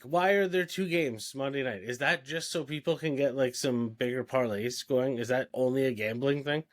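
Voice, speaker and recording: A man talking casually on a sports podcast, listing his picks one after another. His voice sits at a middling pitch, and he fills the gaps with "uh" and "um" as he goes. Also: moderate pace, few pauses. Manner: rattles off picks with fillers and hesitations. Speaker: podcast co-host.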